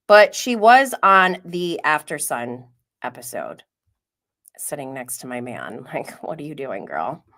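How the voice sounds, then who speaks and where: Woman host of a reality TV live stream: relaxed pace, gossipy, giggly, drops to a whisper at times. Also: sits low, unhurried. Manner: gossipy, chatty, drops to a whisper and laughs often. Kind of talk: casual live-stream commentary.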